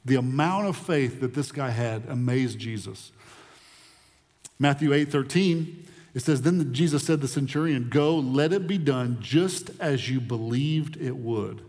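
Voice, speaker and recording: A man preaching a sermon in an animated way, often repeating words as he builds his point. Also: medium pitch, unhurried, big-room sound. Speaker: pastor.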